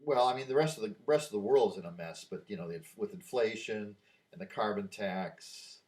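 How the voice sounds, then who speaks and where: Older man rambling in a low voice. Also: normal speed, darkish tone. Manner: easily distracted, wandering asides. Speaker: vlogger. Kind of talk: rambling opinion monologue.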